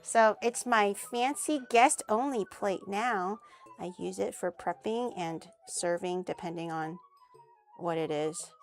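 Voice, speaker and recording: A woman's voice: medium pitch, slow pace, faint music behind. A young woman from Canada, chatting animatedly as she cooks on her stream, laughing often and swearing casually. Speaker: streamer hosting a cooking collab. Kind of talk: casual chat while cooking.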